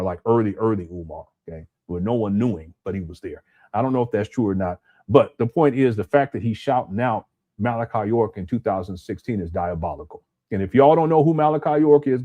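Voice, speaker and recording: A man hosts a casual live stream from his room at home. His pitch sits in the middle, and he rambles, stumbles, and repeats words as he talks to his viewers. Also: dark tone. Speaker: commentary channel host.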